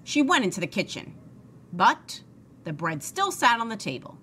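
A woman reads a children's storybook aloud in an expressive, sing-song way. Her voice is bright and lively in pitch, and a faint hiss sits beneath it. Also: normal speed, pauses often. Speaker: storybook reader. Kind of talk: reading a children's book aloud.

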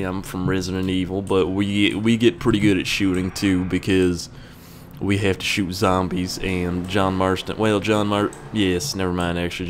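A young man giving rambling, profane gameplay commentary, breaking into yells at the game. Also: low voice, a little hiss or hum. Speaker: gaming YouTuber.

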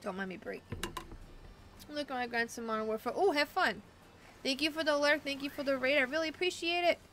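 A talkative woman streaming a video game, thinking out loud in a loose, rambling way. Her voice sits a bit higher than most, and a steady hiss of noise runs under the recording. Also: a little fast. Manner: rambling, chatty, thinking aloud. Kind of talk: casual chat while playing a video game.

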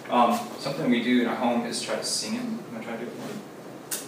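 A man's voice: mid-range voice, fairly quick. Man teaching casually in an echoey room. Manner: relaxed, filler-heavy explaining. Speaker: teacher leading a Sabbath demonstration. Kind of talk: casual teaching to a small group. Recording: very echoey room, distant mic, faint noise.

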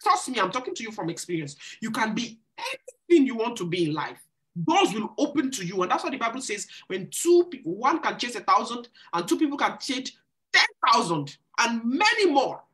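A woman's voice: a little high, sing-song, brisk, a bit bright. A woman hosting a live church singles Q&A, giving marriage and courtship advice in an earnest, preacherly way, repeating phrases for emphasis. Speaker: church singles ministry host. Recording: live stream.

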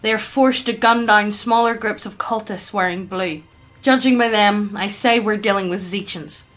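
A woman's voice: medium pitch, moderate pace, a bit bright, soft background music. A woman casually reading fan stories aloud, now and then tripping over odd names. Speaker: reader.

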